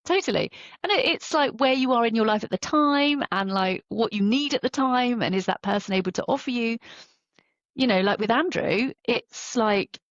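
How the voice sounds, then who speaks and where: A woman's voice: on the high side, moderate pace, no echo, dull audio. A woman who works as a teacher and choreographer, talking as a podcast guest in a chatty, heartfelt way with many fillers. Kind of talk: casual interview chat.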